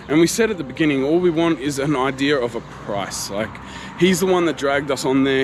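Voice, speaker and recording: A man, a travel vlogger animatedly retelling a frustrating encounter to camera. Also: medium pitch. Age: 30s. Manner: animated, exasperated retelling with quoted exchanges. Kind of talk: casual storytelling to camera. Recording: faint street noise behind.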